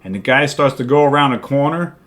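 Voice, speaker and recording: A man's voice: medium pitch, animated, brisk, a bit bright. An older man co-hosting a casual comic book chat, retelling a story in a rambling, chuckling way. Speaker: co-host.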